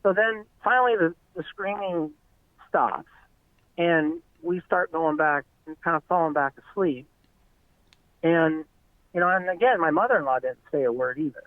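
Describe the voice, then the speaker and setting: A man's voice: on the high side, normal speed, long pauses, no echo. A middle-aged man, an eyewitness guest, earnestly telling a long story in casual, rambling talk over a tinny phone line.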